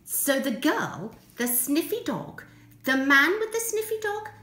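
Nursery teacher reading aloud to small children; high, lively, slow sing-song delivery in an echoey room. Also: female voice. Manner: gentle, expressive and sing-song. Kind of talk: storybook reading to young children.

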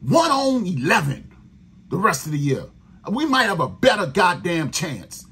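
A man's voice: high voice, very animated, measured pace, pushed and bright, husky. A man, hosting a sports podcast, venting in a profane, exasperated rant about his team. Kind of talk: angry fan rant.

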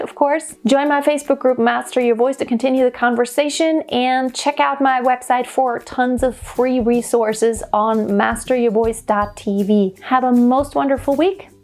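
Female vocal coach, pitch a touch high, calm step-by-step explainer for a singing lesson. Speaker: voice teacher.

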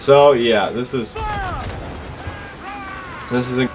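A man giving casual let's play commentary, excitable and frustrated, with outbursts and shouts at the game. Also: mid-range voice, slow, background noise. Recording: game music loud behind voice. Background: game music.

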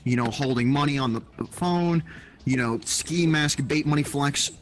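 A man's voice: mid-range voice, moderate pace, low-quality recording. Guy in a mid-range voice rattling off explanations, says like a ton. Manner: explaining in a loose rush, saying "like" often. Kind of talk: casual chat.

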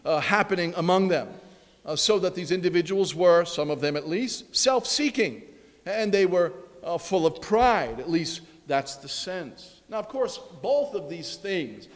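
A man preaching a sermon as pastor, emphatic and repetitive, with his voice dropping low at the ends of phrases. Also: lively intonation, measured pace, in a large hall. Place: church sanctuary.

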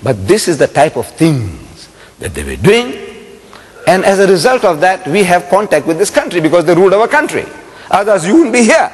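A man's voice: high-pitched, wildly swooping pitch, brisk. A man giving a public religious lecture, telling a story dramatically and firing rhetorical questions at the audience. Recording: long hall reverb.

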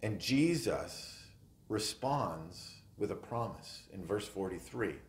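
A man preaching a sermon as pastor, speaking earnestly and with emphasis, often letting his phrases fade softly at the end. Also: on the low side, lively intonation, slow. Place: chapel. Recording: echoey chapel room.

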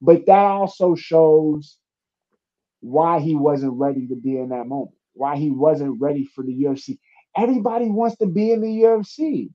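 A young adult UFC fighter chats casually in an interview, telling animated stories, acting out quotes, and swearing freely. His voice is on the high side at normal speed, with the highs cut off in the audio.

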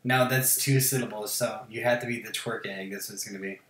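A man's voice: on the low side, fairly even intonation, fairly quick, fairly bright tone, roomy sound. A man hosting a gaming channel, chatting casually while he plays. He rambles and swears a lot, and he mocks himself. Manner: rambling, profane, self-mocking. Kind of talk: casual chat while playing a game.

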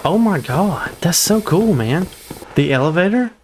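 A man's voice: high-pitched, expressive, a little slow, slight background noise. A young man giving live gameplay commentary on his first playthrough, exclaiming and groaning at his own mistakes. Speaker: gamer streaming a first playthrough.

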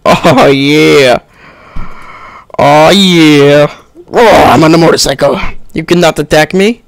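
A young man on a headset giving excitable let's-play commentary, yelping and laughing as he plays. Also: a little high, slow pace, vocal fry, no room sound. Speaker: gamer.

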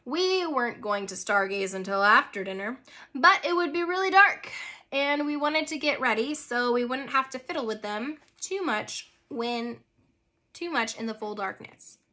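A woman's voice: fairly high pitch, animated, normal speed, bright, forceful tone. A woman reading a children's book aloud in an informal way, with occasional slips and restarts. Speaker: reader.

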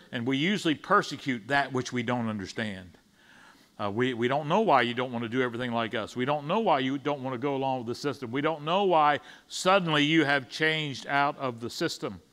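A man's voice: a little high, fairly bright tone. A man preaching a conversational sermon in church, stumbling over restarts and acting out the disciples' side in paraphrase. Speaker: pastor. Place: church sanctuary.

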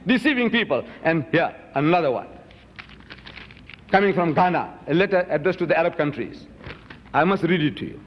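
A man's voice: high-pitched, animated, brisk. A man giving an emphatic public lecture, firing rhetorical questions at his audience. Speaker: Muslim lecturer. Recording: dull recording in a reverberant hall.

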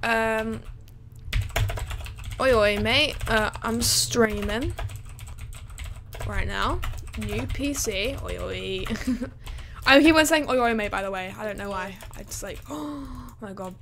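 A woman's voice: medium pitch, slow, gravelly, fairly bright tone, slight background noise. A woman, livestreaming her gaming in a hyper, chatty way full of fillers. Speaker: gaming streamer. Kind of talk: excited livestream chat.

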